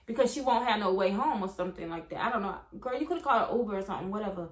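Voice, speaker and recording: Animated high-voiced young woman storyteller. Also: quick pace, few pauses, roomy sound. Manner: animated, profane storytelling, addresses viewers as y'all. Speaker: hairstylist. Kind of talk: storytime vlog.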